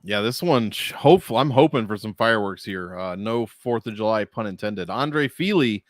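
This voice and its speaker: A man co-hosting a betting podcast in casual chat, relaxed and easygoing as he reads out odds and lines. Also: on the low side, normal speed, no echo, clean studio sound.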